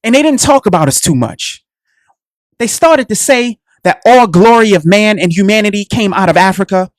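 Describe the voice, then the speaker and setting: A man's voice: high voice, dry recording, studio quality. A man with a Black American accent hosting a radio talk show, delivering a preachy, impassioned monologue and calling his listeners "family.". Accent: Black American English. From United States.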